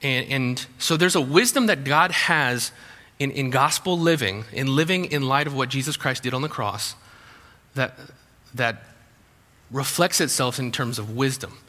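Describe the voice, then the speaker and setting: Bright-voiced man preaching in a reverberant hall. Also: mid-range voice, unhurried. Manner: conversational preaching with frequent restarts and humorous asides. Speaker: pastor. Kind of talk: sermon.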